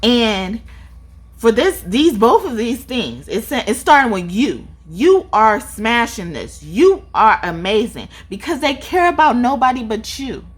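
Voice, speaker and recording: Animated, profane woman reading tarot. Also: fairly high pitch, unhurried, slightly rough. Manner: animated, profane, laughs often. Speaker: tarot reader.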